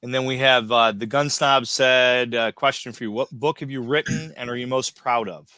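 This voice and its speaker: A man hosting a live-stream interview, relaxed and reading out viewer comments. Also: mid-range voice, moderate pace, smooth. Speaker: host.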